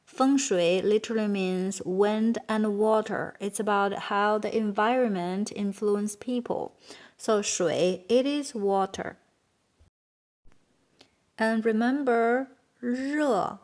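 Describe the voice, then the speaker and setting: A woman whose native language is Chinese, and who speaks with a Chinese accent, patiently says words slowly again and again for learners in a beginner language lesson. Her mid-range voice is a little mellow.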